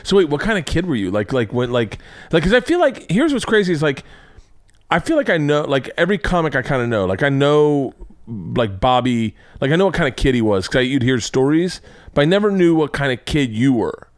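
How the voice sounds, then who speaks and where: A man's voice: mid-range voice, a little fast, no room sound, clean studio sound. A man hosting a podcast in casual chat, rambling with lots of fillers and restarts. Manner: animated, rambling with many fillers. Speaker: podcast host.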